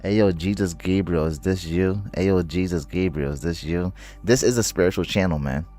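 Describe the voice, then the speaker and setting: Casual male streamer, very low voice, slangy and excitable, stutters and restarts his words. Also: normal speed, soft background music. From United States. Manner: loose slangy talk, calls viewers bro. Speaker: livestreamer. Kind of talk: casual livestream chat, reading viewer comments.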